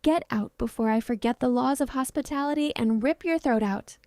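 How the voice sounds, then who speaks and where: A woman voicing a powerful, protective male vampire king who speaks sternly and with quiet threat. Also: high-pitched, a little fast, dry recording, studio quality. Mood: menacing.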